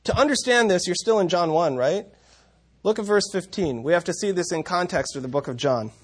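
Man teaching scripture, high-ish voice. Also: expressive, fairly quick, husky. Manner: conversational, reads verses aloud, self-correcting restarts. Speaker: Bible teacher.

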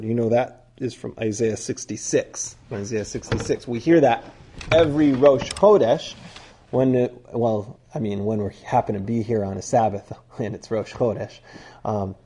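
A male teacher gives a conversational sermon in a husky voice. His tone is mellow and dark, and he speaks at a medium pitch. He drifts between points and asks his listeners questions as he goes. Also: expressive, normal speed. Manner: conversational, digressive, quizzes listeners.

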